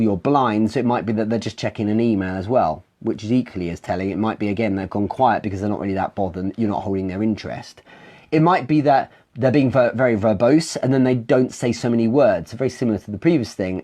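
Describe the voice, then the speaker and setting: A man's voice: fairly low pitch, darkish tone. A man hosting a live sales Q&A, coaching in a conversational way, explaining with examples and restarting phrases as he goes. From England.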